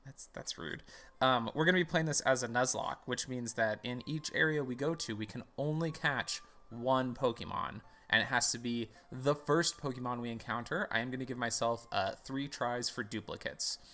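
A man's voice: medium pitch, normal speed, sharp tone. Rambling, easygoing man narrating a game. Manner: rambling and self-interrupting, with playful asides. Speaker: podcast host playing a game. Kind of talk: casual let's-play commentary.

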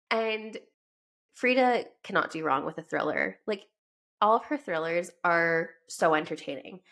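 A young woman with a Canadian accent talks through a head cold as she hosts her book podcast. Her voice sits a little low, and her talk is loose and chatty, full of laughs and tangents. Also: fairly bright tone. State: sick with a cold. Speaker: podcast host. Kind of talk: casual podcast chat.

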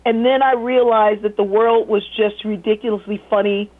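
A woman, a former teacher, telling stories in a lively casual way as an interview guest, laughing often. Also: mid-range voice, normal speed. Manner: animated, laughing storyteller who mimics voices. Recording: tinny phone line.

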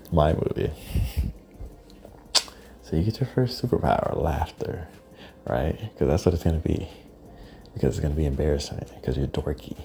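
A man delivering a profane, rambling monologue as a podcast host, often dropping into hushed, breathy asides. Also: low-pitched.

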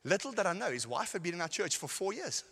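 A middle-aged man preaching a sermon, telling stories and swinging between shouted lines and quiet asides. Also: high-pitched, sing-song, fast talker, creaky, husky. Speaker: pastor. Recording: hall with long reverb.

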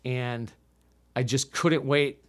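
A man's voice: medium pitch, fairly even intonation, slow pace, fairly bright tone. Fifty-something guy, improv comic, rambly storyteller, mid voice, keeps restarting his sentences. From United States. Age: 50s. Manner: rambling, self-deprecating, frequent restarts. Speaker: podcast guest, improv comedian. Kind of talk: casual storytelling chat.

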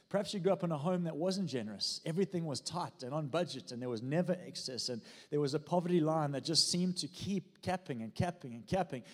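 A man preaching a lively sermon in a church, mixing jokes with prayer and calling on the congregation. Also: on the high side, fast talker, hardly any pauses, in a large hall. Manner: fervent preaching with jokes and audience prompts. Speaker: pastor.

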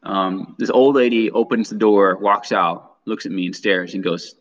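A man's voice: lowish voice, normal speed. A young man casually telling a rambling anecdote to co-hosts, often restarting his sentences. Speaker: podcast co-host. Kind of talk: casual storytelling. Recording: dull lo-fi sound.

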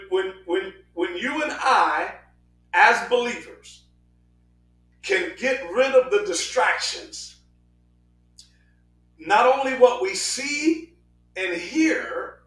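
A man preaches with a high, ringing voice and animated delivery, breaking into sudden shouts and rushing through quick asides. He sounds a little off-mic, and the room echoes around him. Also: far from the mic. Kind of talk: sermon.

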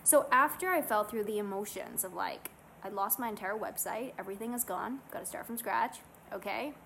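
A woman vlogger talking casually and earnestly to camera, guiding listeners through calming self-help steps. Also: mid-range voice, moderate pace, gravelly, a little hiss or hum, poor audio. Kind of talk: casual motivational talk to camera.

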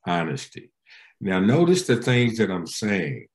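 A male pastor answers interview questions in an emphatic, preacherly manner. He's very animated yet unhurried, with wide swings in pitch.

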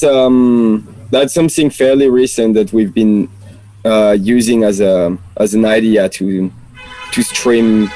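A French-accented man talking easily about his music, pausing often to find his words. His voice is mid-pitched and the sound is dry and close, recorded outdoors in a backyard. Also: dry recording, rough recording. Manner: relaxed, thoughtful, hesitant with fillers. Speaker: musician guest. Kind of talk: casual interview chat.

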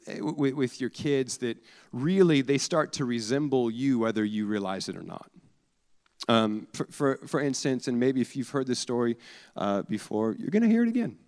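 A man's voice: mid-range voice, expressive, normal speed. A man in his forties preaching a conversational sermon, telling personal stories in a casual, self-deprecating way with many fillers and restarts. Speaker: pastor. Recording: long hall reverb.

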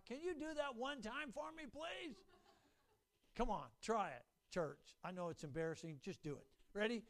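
An older man preaching a sermon as pastor, folksy and animated, acting out quotes and stories. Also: a little slow. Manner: folksy, animated, acts out quotes in high voices.

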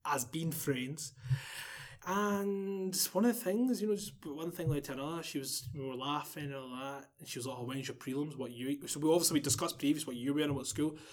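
Here a young man's voice runs fairly high and a little fast as he, a podcast guest from Scotland with a Glasgow accent, recounts a long tale in casual talk. Animated and laughing, he swears freely and acts out the quotes of the people involved.

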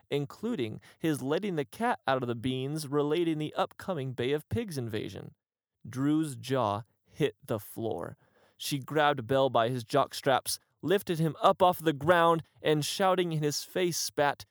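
A man narrating an absurd comic story in a mock-grand, deadpan manner. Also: medium pitch, gravelly, dry recording, studio quality.

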